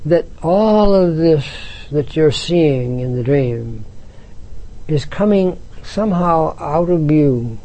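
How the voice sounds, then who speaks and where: A man giving an unhurried, reflective spiritual talk, with halting restarts, reading passages from a book aloud. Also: on the high side, mellow, dull audio. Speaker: spiritual teacher.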